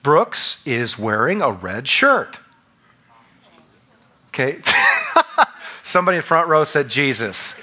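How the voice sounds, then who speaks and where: A man's voice: mid-range voice, very animated, slow pace, long pauses, pushed and bright. A man preaching a sermon, reading scripture aloud and explaining it verse by verse, at times acting out the scene. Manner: expository, reads scripture aloud and acts out scenes. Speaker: pastor.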